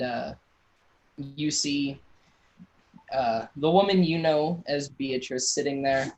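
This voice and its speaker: A man runs a tabletop game as dungeon master, narrating in a relaxed, halting way. He fills his pauses with "um" and "uh." His voice sits at an ordinary middle pitch. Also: rough recording.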